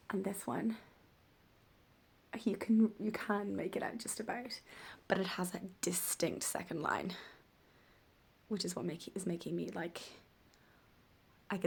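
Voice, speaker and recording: A woman's voice: medium pitch, a little mellow, husky. A woman talking candidly to her camera in a casual personal vlog, often dropping to a whisper, with a morning voice. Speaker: vlogger and mother of three.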